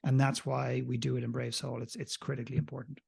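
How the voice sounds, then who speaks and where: A man, a podcast guest, telling a candid personal story in an animated, self-mocking way with some profanity. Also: mid-range voice, quick pace, gravelly, slightly rough.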